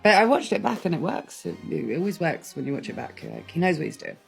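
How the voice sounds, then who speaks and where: A woman, an actress, chatting in an interview and telling lively anecdotes from a film set. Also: fairly low pitch, quick pace, gravelly, husky, soft background music. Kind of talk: casual interview answer.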